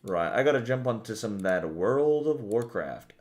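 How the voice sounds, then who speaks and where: A man's voice: fairly low pitch, lively intonation, normal speed, darkish tone. A tired young man streaming a game, rambling and swearing casually as he chats with viewers.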